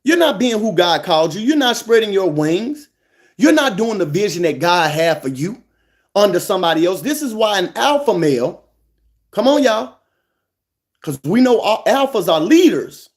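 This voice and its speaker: A man with a high, bright-pitched voice speaks. He delivers a fiery, preachy monologue to his live audience, hammering points home by repeating them. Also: sing-song, normal speed. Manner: emphatic, repeats lines for stress, fiery preaching cadence.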